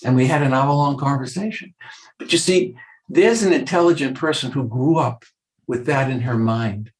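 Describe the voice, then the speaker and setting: A man's voice: medium pitch, moderate pace, echoey room, poor audio. An older man, a clinical psychologist, talking earnestly in a podcast interview and acting out short exchanges with patients. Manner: earnest, acts out dialogue from patients.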